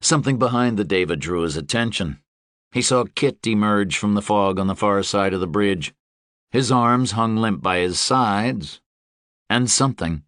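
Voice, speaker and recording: A male narrator reading a fantasy audiobook with a steady, even delivery. His voice sits very low, and the recording is close and dry with no room around it. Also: dry recording. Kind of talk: scripted narration.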